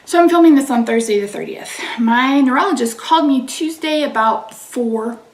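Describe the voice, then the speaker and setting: Speaking at a moderate pace in a high register, this channel host rants casually about an annoying phone call, cursing and calling out chat names between sentences. The mic is distant and the room reverberates.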